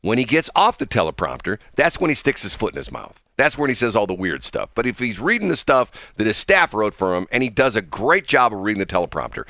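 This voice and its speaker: A man co-hosting a morning radio show, chatting casually and rambling through animated stories. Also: fairly low pitch, quick pace, gravelly, few pauses, no echo, studio quality. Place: radio studio.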